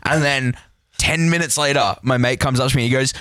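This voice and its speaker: A man's voice: mid-range voice, fairly even intonation, brisk, pushed and bright. A man in a band, telling rambling stories in casual podcast chat and swearing constantly. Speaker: band member, vocalist.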